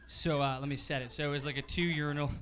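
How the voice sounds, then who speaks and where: A man's voice: on the high side, fast talker, a little hiss or hum. A young adult man performing stand-up comedy on a club stage with a handheld mic, acting out characters and swearing. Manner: energetic, acts out characters, swears. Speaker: stand-up comedian and show host. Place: comedy club stage before a live audience.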